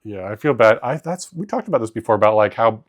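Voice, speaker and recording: A man's voice: on the low side, expressive, fast talker. A young man co-hosting a podcast, rambling through anecdotes in casual chat and mimicking voices. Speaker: podcast co-host.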